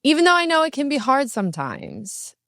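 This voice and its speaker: A woman's voice: huge pitch swings, a little fast, creaky, fairly bright tone, no echo, studio quality. A young woman hosting a casual solo podcast, telling dating stories in a brash, profane, candid way with sassy asides and sudden bursts of speed. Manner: swinging pitch and bursts of speed. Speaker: podcast host.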